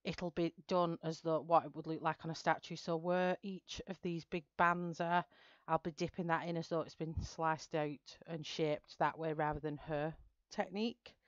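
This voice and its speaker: Chatty woman, smooth lowish voice. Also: steady tone, normal speed, hardly any pauses, no echo, dull audio. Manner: chatty, greets viewers by name, explains her plan step by step. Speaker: live stream host. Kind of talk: casual live-stream chat while colouring.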